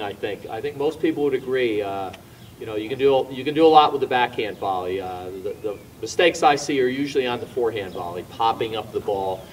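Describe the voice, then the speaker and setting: A tennis instructor with a mid-range voice coaches volleys on an outdoor court, demonstrating shots and calling out pointers. He explains as he hits balls, breaking into louder bursts of coaching. The mic is far away and picks up a little hiss or hum.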